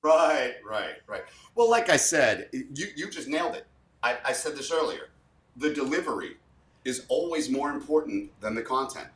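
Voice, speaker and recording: Man, guest communication coach, emphatic, lively pitch, echoey room, distant mic. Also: moderate pace. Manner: emphatic, demonstrative, repeats for effect. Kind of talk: animated explanation with spoken demos. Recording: roomy sound, far from mic.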